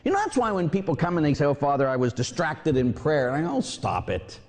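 Male priest, sermon, lively pitch, mellow voice, long hall echo. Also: fast. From Pittsburgh area. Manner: animated storytelling, acts out voices. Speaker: Catholic priest.

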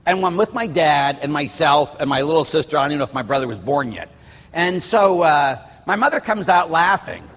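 A middle-aged Catholic priest from Pittsburgh giving a sermon, rambling through personal stories with restarts and asides. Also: male voice, fairly high pitch, animated, brisk, fairly bright tone, slight background noise. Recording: hall reverb.

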